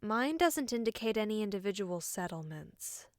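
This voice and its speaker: Woman voicing a brisk, bossy swordswoman. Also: fairly high pitch, animated, fairly bright tone, clear, resonant tone, no room sound, studio quality. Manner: brisk, commanding. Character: bossy young swordswoman gamer. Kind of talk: audiobook character voice.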